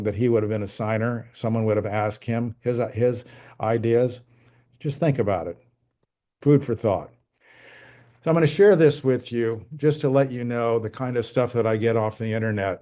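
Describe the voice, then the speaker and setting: A man's voice: mid-range voice, mellow. An older man giving a conversational lecture to dentists, reading quotes off his slides with frequent restarts. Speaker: guest speaker presenting to dentists.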